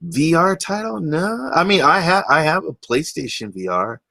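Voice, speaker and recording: A man's voice: on the high side, animated, moderate pace, vocal fry, bright, forceful tone, no echo. A man co-hosting a live gaming stream, chatting enthusiastically and stressing his points to viewers. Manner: enthusiastic, emphatic, addresses viewers. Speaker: podcast co-host. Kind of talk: casual live stream chat.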